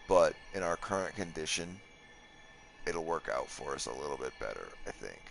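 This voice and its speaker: Low voiced guy playing a game, chill, thinks out loud, swears a bit. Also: normal speed, vocal fry, soft background music. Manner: relaxed, thinks aloud, swears at enemies. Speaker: gameplay commentator. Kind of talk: casual let's play commentary.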